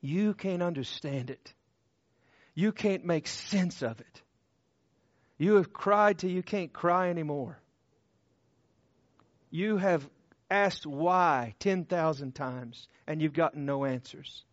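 A man preaching a sermon with passion, who swings from loud emphatic cries to hushed tender tones and repeats short phrases for emphasis. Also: a little high, takes it slowly, pauses often, no room sound, highs cut off.

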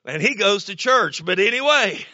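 Guy preaching a sermon, real high and bright voice, folksy stories, keeps repeating himself, dull dry sound. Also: animated, normal speed, no room sound. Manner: folksy storytelling with repeated words and sudden shouts. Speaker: pastor.

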